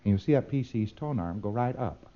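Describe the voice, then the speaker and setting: A man's voice: medium pitch, lively intonation, a little fast, dark tone, dull audio. A man giving a demonstrative lecture, acting out exchanges with playful repetition.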